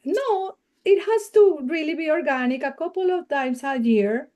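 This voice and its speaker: A woman's voice: sits high, expressive, moderate pace, dark tone. A woman with a Spanish accent, a non-native English speaker, talking earnestly as a guest media coach in a casual podcast interview and laughing readily.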